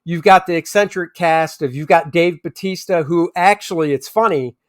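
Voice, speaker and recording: Male co-host with a higher voice, relaxed and rambling, trips over names in a casual review. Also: moderate pace. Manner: rambling, often restarts and gropes for names. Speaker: movie review podcast co-host. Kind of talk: casual conversational movie review.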